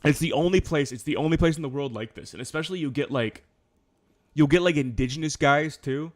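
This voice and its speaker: A man's voice: a little high, fairly quick. A man chatting casually on a live stream, rambling, swearing and correcting himself as he goes. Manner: loose rambling talk with profanity and self-corrections.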